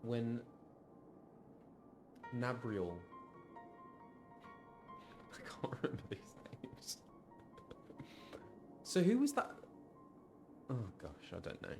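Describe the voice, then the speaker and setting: A man's voice: mid-range voice, wildly swooping pitch, extremely slow, pauses often, faint music behind. A man streaming himself playing a game, chatting casually and muttering asides as he tries to remember names. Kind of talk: casual live-stream commentary.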